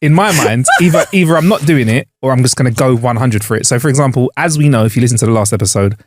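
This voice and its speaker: A man's voice: medium pitch, very fast, background noise. A young man co-hosting a podcast, talking in a laid-back way with lots of agreeing. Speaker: podcast co-host. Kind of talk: casual chat.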